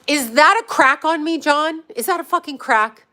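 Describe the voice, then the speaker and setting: A woman vlogger telling a story to her viewers in a casual, animated way, swearing freely and laughing often. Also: high voice, moderate pace.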